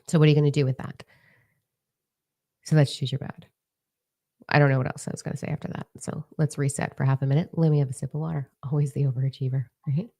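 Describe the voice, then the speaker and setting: A woman in her forties giving a blunt, excitable motivational talk at home, swearing freely. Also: low-pitched, fast talker. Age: 40s. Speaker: life coach. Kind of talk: casual motivational talk to camera.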